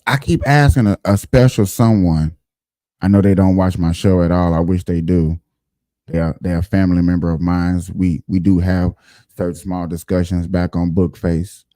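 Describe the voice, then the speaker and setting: A man's voice: sits low, fairly even intonation, moderate pace, dark tone, no echo, clean studio sound. A man hosting a casual livestream show, talking emphatically and directly to his viewers.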